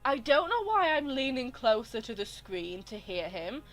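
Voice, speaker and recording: A woman giving live gaming stream commentary through a headset, ranting in an exasperated, animated way. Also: on the high side, moderate pace. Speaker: game streamer.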